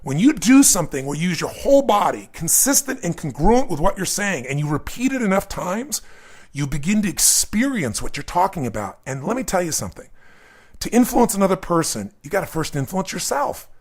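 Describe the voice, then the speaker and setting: A man in his fifties, a motivational coach giving an emphatic, energetic seminar talk. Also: high-pitched, fairly quick, husky.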